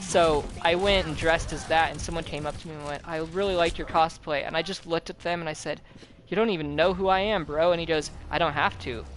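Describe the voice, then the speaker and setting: Young guy, slightly high voice, swears a lot, animated storyteller; loud game music in the background. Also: brisk, hardly any pauses, low-quality recording. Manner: animated storyteller, swears often, acts out quotes. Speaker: host. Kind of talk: casual chat while gaming. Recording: game music playing loudly behind.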